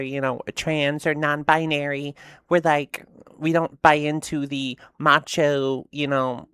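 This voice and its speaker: A woman's voice: deep voice, dry recording, studio quality. A woman hosting a casual meme-reaction video, rambling and swearing freely as she comments. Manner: rambling, with frequent swearing and fillers. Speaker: host reacting to memes.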